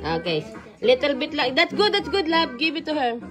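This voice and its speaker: A woman's voice: sits high, big pitch swings, fairly quick, over music. A woman with a Filipino accent, a mother giving playful, casual family vlog commentary and mixing in Tagalog phrases.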